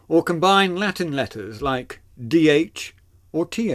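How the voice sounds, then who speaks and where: A man teaching a video lesson, explaining in a deliberate, clearly enunciated way. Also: a little high, expressive, fairly bright tone. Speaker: literature teacher.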